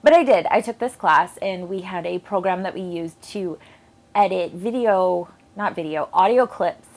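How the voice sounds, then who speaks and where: A woman's voice: on the low side, normal speed. A young woman casually talking to camera in a vlog, chatty and self-deprecating, with plenty of ums. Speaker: book vlogger.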